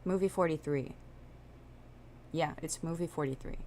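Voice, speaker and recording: A woman streamer in casual reaction chat, telling a story with animated, profane energy. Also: sits low, moderate pace, slight background noise.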